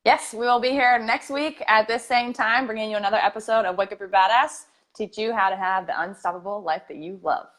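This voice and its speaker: A woman's voice: mid-range voice, fairly quick, few pauses, a bit bright. A woman co-hosting a motivational show, answering in a dry, teasing way. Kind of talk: casual chat.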